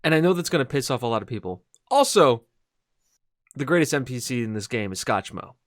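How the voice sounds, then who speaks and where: A man's voice: mid-range voice, big pitch swings, brisk, dry recording, clean studio sound. A man co-hosting a casual video game podcast, talking in a rambling, hesitant way with lots of fillers and restarts. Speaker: podcast co-host. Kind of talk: casual gaming podcast chat.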